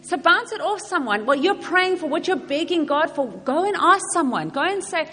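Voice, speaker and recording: High-voiced woman preaching in a hall. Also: expressive, normal speed, few pauses, pushed and bright. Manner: earnest, repeating questions to the audience. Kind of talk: sermon. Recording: long hall reverb, faint ambience.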